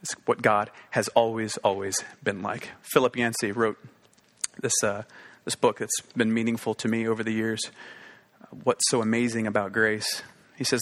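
A man's voice: mid-range voice, moderate pace, fairly bright tone. A man preaching a sermon, earnest and emphatic, repeating phrases for stress. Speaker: pastor.

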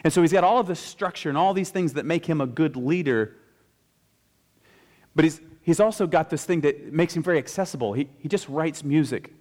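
A male pastor giving a conversational sermon, stressing key phrases slowly and emphatically. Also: on the high side, a little mellow.

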